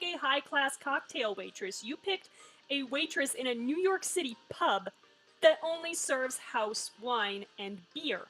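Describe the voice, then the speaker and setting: Woman streamer, higher pitch, sarcastic and swears freely, faint game music underneath. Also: pushed and bright, low-quality recording. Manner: wry, joking, swears freely. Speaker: streamer playing a story game. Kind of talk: casual live-stream commentary, reading game lines aloud.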